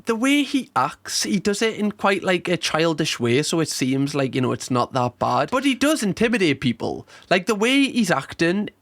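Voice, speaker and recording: Guy reacting to tv, laughs a lot, pitch all over the place. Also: moderate pace, hardly any pauses. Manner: laughing, incredulous, animated. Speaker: reaction video host. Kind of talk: casual commentary over clips.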